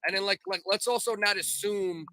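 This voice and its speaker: A man's voice: sits high, a little fast, bright, forceful tone, no room sound. A man hosting a podcast, casually chatting and steering his guest back on track. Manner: steers the guest, interjects to keep the story on track. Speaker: podcast host. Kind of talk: casual chat.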